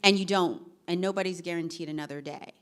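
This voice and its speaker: Animated woman giving career advice. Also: on the low side, quick pace, smooth. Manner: animated, laughing asides, acts out quoted dialogue. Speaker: panelist. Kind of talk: panel discussion advice.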